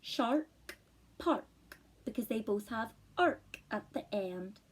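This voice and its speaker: A woman teacher reading a picture book aloud to children, expressive and encouraging, asking them to read along and spot rhymes. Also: on the high side, slow, a little hiss or hum. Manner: expressive, encouraging, asks the listener to join in. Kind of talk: read-aloud storytime lesson.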